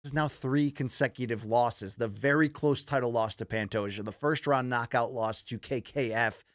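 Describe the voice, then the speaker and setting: A man's voice: mid-range voice, moderate pace, no echo. Male studio host, joking and wry, dry close sound. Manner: joking, teasing, runs the rundown. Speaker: podcast co-host. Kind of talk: casual sports talk.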